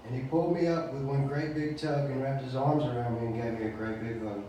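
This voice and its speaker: A man from Mississippi with a Mississippi Southern accent, reciting a spoken word poem in a steady, rhythmic delivery at an open mic night. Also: medium pitch, brisk, distant mic, slight background noise. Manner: excited chatty intro, then steady rhythmic recitation. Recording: very echoey room, voice from off mic.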